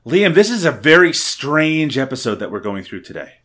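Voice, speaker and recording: A man's voice: on the high side, big pitch swings, moderate pace, fairly bright tone. A man from Canada hosting a podcast in jokey, teasing casual chat. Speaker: podcast host.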